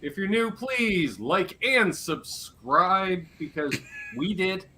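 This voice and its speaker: A man hosting a live stream Q&A chat, quickly and jokingly reading out viewer names. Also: sits high, very animated, a crowd in the background. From Canada. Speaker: host.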